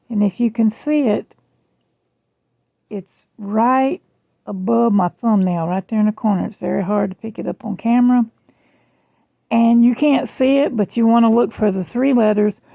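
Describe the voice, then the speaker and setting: Chatty Southern woman, gravelly voice. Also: medium pitch, mellow, no echo. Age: middle-aged. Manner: chatty, rambling, self-deprecating. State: strained, rough voice. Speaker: jewelry vlogger. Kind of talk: casual chat. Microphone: phone camera.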